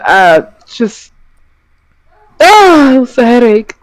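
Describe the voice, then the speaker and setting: A man's voice: very high-pitched, lively intonation, moderate pace, poor audio. A man co-hosting a casual wrestling podcast, talking in an exasperated, profane, rambling way. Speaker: podcast co-host.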